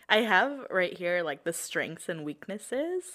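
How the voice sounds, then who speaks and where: A woman's voice: fairly low pitch, big pitch swings, takes it slowly, crowd noise. A woman in a casual chat who giggles a lot and swears casually.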